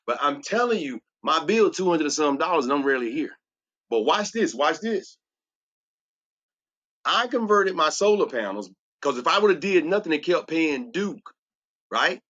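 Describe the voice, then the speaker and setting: Emphatic coach type, man, a bit high-voiced, churchy sales pitch, muffled lo-fi recording. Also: fairly bright tone. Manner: preachy, emphatic, repeats "watch this". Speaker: transformational coach. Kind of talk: solar sales presentation.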